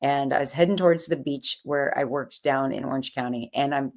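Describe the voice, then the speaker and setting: Low-voiced woman telling her story. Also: fairly quick. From California. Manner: animated storyteller, acts out quoted voices. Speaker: author and guest. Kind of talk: casual interview storytelling.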